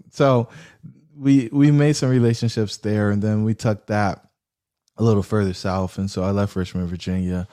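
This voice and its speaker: Male guest, storyteller, warm low tone, acts out dialogue. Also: normal speed. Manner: animated storyteller acting out quoted dialogue. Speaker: real estate investor guest. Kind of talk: storytelling in a podcast interview.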